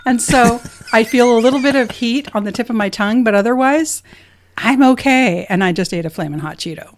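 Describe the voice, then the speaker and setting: A woman's voice: fairly high pitch, a little fast, slight background noise. A woman co-hosting a casual food-tasting chat, chatty and amused as she describes flavors in detail. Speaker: co-host.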